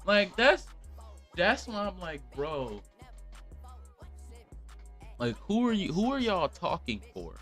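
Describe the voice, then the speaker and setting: A man's voice: high-pitched, big pitch swings, slow, pauses often, a bit bright, faint music behind. Young man ranting on a livestream. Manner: rambling, profane, blunt ranting. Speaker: podcast host. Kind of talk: casual livestream podcast chat.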